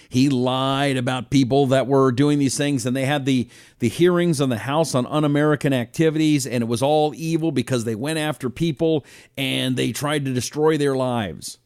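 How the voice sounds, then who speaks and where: A man hosting a solo talk show, reading listener comments and talking in an animated, rambling way. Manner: animated, rambling, lively swings in pitch. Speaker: radio talk show host. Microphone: own broadcast setup, fixing a failed mic on air.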